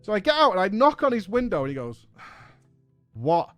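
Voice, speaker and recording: Man, streamer, high voice, animated, profane, faint music. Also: fast talker, no room sound. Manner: animated, profane, exasperated storytelling. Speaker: gaming streamer. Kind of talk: casual anecdote on a live stream.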